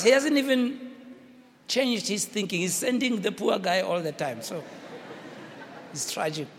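A man with a South African accent preaching a sermon, shouting and dramatic, switching between languages. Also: high voice, expressive, takes it slowly, gravelly, pauses often, a faint crowd. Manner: fiery, shouting, code-switching, theatrical. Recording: reverberant hall with faint noise.

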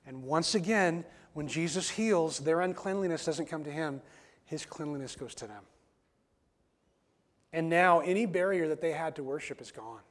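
A man preaching a sermon in a casual, conversational way, asking the listeners many questions. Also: high voice. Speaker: pastor.

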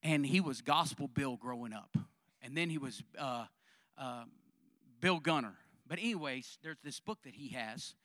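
A male pastor preaches with animated fervor, telling stories and driving home his points. His voice sits high and sounds bright and forceful. The recording is close and dry. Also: no room sound. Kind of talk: sermon.

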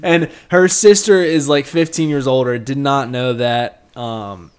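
A man's voice: mid-range voice, unhurried, smooth. A man in his twenties, a podcast co-host, telling a rambling, swearing story with laughs. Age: 20s. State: slightly tipsy. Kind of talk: casual storytelling.

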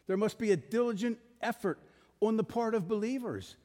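A man's voice: high-pitched, expressive, moderate pace, warm tone, big-room sound. A male pastor preaching a sermon, emphatic, putting rhetorical questions to his congregation.

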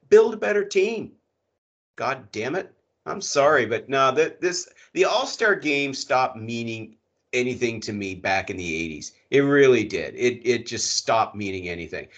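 A man's voice: medium pitch, fairly bright tone. A middle-aged man co-hosting a casual hockey podcast, ranting with lots of swearing and emphatic repetition. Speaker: podcast co-host. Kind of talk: casual sports chat. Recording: muffled lo-fi sound.

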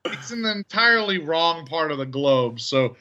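A man's voice: fairly high pitch, expressive, normal speed, noisy background. Chatty English man on dull audio. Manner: chatty, rambling asides. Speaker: podcast co-host. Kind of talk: casual chat.

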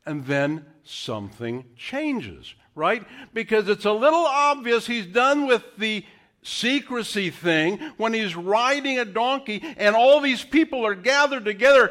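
A man preaching a sermon, acting out scripture quotes in hushed whispers and raised calls. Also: high-pitched, animated, normal speed. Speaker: pastor.

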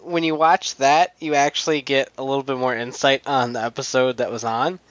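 A man co-hosting a casual chat show, speaking hesitantly with halting restarts and giggles. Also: medium pitch, fairly even intonation, fairly bright tone, no echo. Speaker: podcast co-host. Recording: dry, dull lo-fi sound.

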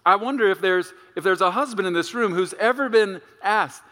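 A male pastor preaching with a bright, forceful voice that rides a little high. He is emphatic, slows down to stretch key words, and drops in playful asides. A long reverb trails him through a large church room. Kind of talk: sermon.

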